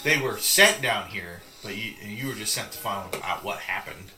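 A man's voice: lowish voice, expressive, normal speed, bright, forceful tone, roomy sound. A man running a tabletop game as game master, narrating in a loose, rambling way with plenty of restarts and fillers.

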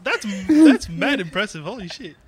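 A man, an excitable co-host on a casual podcast who swears freely. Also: high voice, moderate pace, crowd noise. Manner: excitable, swears, bursts of laughter. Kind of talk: casual chat.

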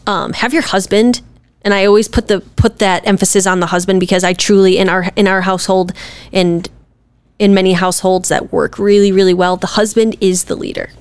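Co-hosting a casual podcast with her husband, a woman speaks earnestly and emphatically in a steady, mid-range voice, a little on the fast side. The recording is clean, with no room sound.

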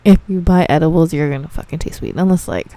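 Dark-voiced woman telling profane work stories. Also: low-pitched, fast talker, no room sound. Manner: profane, laughing, exasperated storytelling. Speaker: dispensary receptionist. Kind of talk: casual storytelling monologue.

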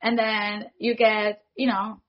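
A woman in her forties, a foley artist, telling stories in an animated way and acting out the dialogue she quotes. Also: medium pitch, slow, highs cut off. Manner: animated, acts out quoted dialogue, laughs often. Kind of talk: casual interview storytelling.

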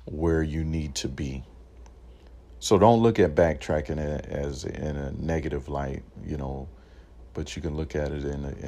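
A man's voice: very deep voice, a little mellow. A man giving a casual, encouraging talk, rambling with many fillers and restarts. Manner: encouraging, motivational. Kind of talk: casual reflective monologue.

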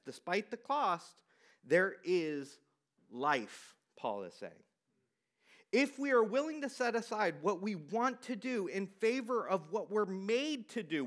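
A man preaching a sermon in a high, swooping voice that climbs and falls all over. He asks the congregation questions, then sinks to a hush on the words he wants to land. It plays as an earnest, emphatic pastor. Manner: emphatic, dropping to quiet for stress.

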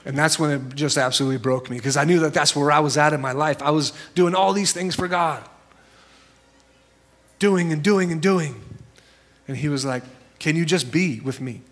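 Male pastor with a higher voice, casual storytelling sermon delivery. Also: normal speed, long pauses, a bit bright. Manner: conversational, storytelling preacher; shifts into high voices for quoted people.

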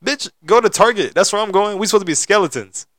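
A man's voice: high voice, fast, fairly bright tone, no room sound, clean studio sound. A man in his late twenties co-hosting a podcast, telling stories in loose, profane casual chat with frequent laughter. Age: 20s. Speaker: podcast co-host.

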